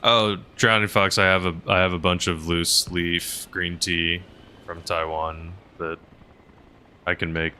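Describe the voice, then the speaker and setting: A man's voice: low voice, flat delivery, a little slow, sharp tone, smooth. A man chatting casually on a gaming livestream, rambling with lots of fillers and reading chat messages aloud. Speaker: game streamer and helicopter pilot.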